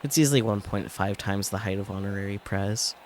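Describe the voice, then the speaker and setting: A man's voice: fairly low pitch, brisk, slight background noise. A male streamer reading a visual novel aloud, with casual asides between the lines. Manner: reads narration, breaks off for casual asides. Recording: game music playing under the voice.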